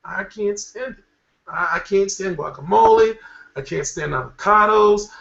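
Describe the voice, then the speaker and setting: Man, boxing show host, high voice, profane rambling rant, roomy echo, dull audio. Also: unhurried, gravelly, fairly bright tone. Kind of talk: casual boxing commentary. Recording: echoey room, dull lo-fi sound.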